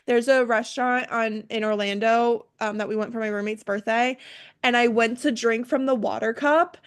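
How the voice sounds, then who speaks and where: A woman's voice: on the high side, moderate pace, smooth. A young woman who manages a restaurant, telling stories in a casual group chat and acting out both sides of the exchanges. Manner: animated storyteller acting out exchanges.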